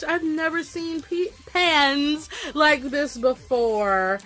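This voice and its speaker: A young woman with a slight Southern country accent, unboxing a gift package in a casual vlog and gushing over each item with excited exclamations. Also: high voice, very slow.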